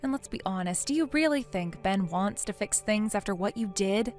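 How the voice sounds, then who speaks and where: A woman's voice: medium pitch, lively intonation, moderate pace, darkish tone, faint music behind, close to an everyday voice. A synthetic woman's voice playing a blunt young woman who lectures her friend sternly in a text-message story. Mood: scolding. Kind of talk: text-to-speech text story narration.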